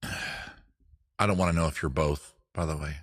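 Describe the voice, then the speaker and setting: A man's voice: very deep voice, steady tone, measured pace. A man hosting a casual comedy stream from home, rambling loosely and swearing as he jumps between bits and asides. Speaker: comedy show host. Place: home studio. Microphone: streaming setup with cameras.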